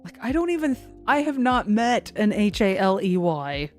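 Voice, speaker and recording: A woman's voice: mid-range voice, very animated, normal speed, soft background music. A woman hosting a severe-weather livestream, chatting casually and rambling, self-deprecating as she answers the chat. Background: faint looping song.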